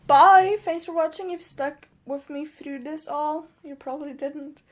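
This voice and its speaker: A woman's voice: sits high, a little mellow. Tipsy Norwegian woman rambling late at night. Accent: Norwegian-tinged mix of American and British English. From Norway. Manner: rambling and self-mocking, trailing off and restarting. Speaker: vlogger.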